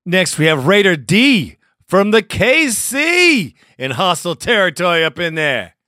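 Brief: male podcast host, upbeat and chatty, sharp tone, close dry sound. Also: high voice, sing-song, unhurried, no echo. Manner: upbeat, chatty, laughs easily. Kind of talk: hosting a call-in fan show.

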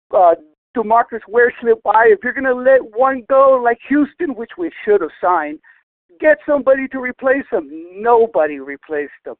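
Angry male caller, profane rant, high voice, tinny phone line. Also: no echo. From Southern California. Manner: ranting, profane, frustrated.

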